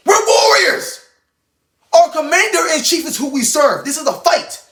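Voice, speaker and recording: A man delivers a heated, informal sermon, blunt and profane. His pitch swings widely as he presses each point, and the voice rings in a roomy, echoing space. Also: big pitch swings, moderate pace, fairly bright tone. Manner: intense, blunt, swears freely. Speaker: online Christian preacher. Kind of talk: fiery informal sermon to camera.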